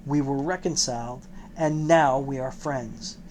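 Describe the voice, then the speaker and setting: A man reading a gentle, troubled old rabbi. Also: medium pitch, measured pace, slight background noise, lightly acted. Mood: tender. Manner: tender, coaxing, softening. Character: older male rabbi, gentle, troubled, fatherly. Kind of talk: audiobook character reading.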